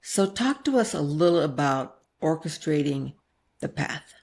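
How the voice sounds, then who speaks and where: A woman hosting a podcast interview, asking slow, reflective questions. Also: low voice, animated, gravelly, a little mellow. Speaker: podcast host. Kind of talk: interview conversation.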